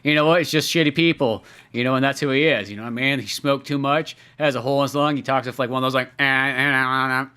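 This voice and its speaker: A man's voice: medium pitch, quick pace, hardly any pauses, a bit bright. A young adult man co-hosting a podcast, casually chatting about a film with loose, profane banter. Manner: loose, profane banter with laughs and quoted asides. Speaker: podcast co-host.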